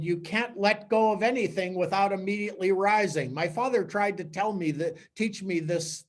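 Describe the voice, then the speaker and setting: Male priest, fairly high voice, lively storytelling preacher who stumbles and repeats words. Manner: animated storytelling with acted-out quotes and sound effects; repeats words and restarts mid-sentence. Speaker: priest giving a talk. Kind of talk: spiritual teaching talk.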